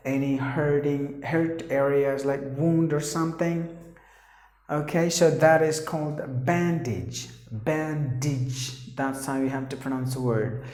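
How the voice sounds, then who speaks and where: A man gives an English pronunciation lesson, repeating every word several times. He speaks at a very unhurried pace. His voice rings in a noticeably echoey room. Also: on the high side. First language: Tamil. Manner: slow, repetitive, drills words aloud.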